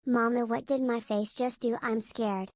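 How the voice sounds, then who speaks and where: A woman voicing a timid little baby dragon girl in a small, plaintive voice, quieter than her usual talk. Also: fairly high pitch, fairly even intonation, measured pace, lightly acted. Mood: scared.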